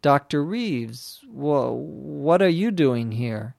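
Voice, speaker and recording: An injured young woman gasps out short, broken phrases, slowly and weakly, as a male reader voices her. She is out of breath and halting in an audiobook story, spoken in a dry, close voice. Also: very deep voice, lively intonation, vocal fry, darkish tone, no room sound, heavily acted. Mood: weak, strained.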